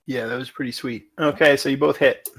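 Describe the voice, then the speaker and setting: A man's voice: mid-range voice, fairly even intonation, a little fast, vocal fry, slightly rough. A man running a tabletop game as game master, matter-of-fact and asking about the rules.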